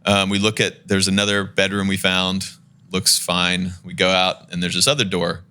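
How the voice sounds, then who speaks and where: A man telling a long, lively story in a casual podcast chat, laughing as he goes and acting out the people in it. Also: sits low, moderate pace, clear, resonant tone. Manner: animated storyteller, laughs while talking, acts out the people in his story.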